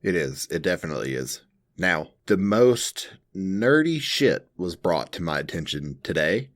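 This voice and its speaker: Deep-voiced young man, lively podcast chat. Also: a little slow. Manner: laughs easily, rambling with fillers. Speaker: podcast co-host. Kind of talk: casual chat.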